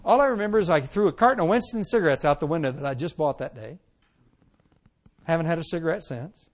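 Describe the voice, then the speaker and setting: A man preaching a sermon testimony, telling his story with animated swings from loud to hushed and acting out the lines he quotes. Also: a little high, fast.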